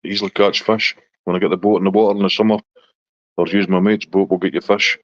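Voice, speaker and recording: A Scottish man hosting a casual live chat with viewers in a relaxed, chatty way. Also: fast talker, no room sound. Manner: relaxed, chatty, talks to his dog in a high baby voice. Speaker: livestream host chatting with viewers. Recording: dull lo-fi dry sound.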